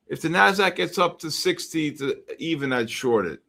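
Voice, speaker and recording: A man's voice: a little high, expressive, normal speed, vocal fry, few pauses, bright, forceful tone. A man hosting a live futures trading stream, chatting through charts and viewer messages in a rambling way with many fillers. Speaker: futures trading livestream host. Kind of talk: live trading commentary reading viewer chat.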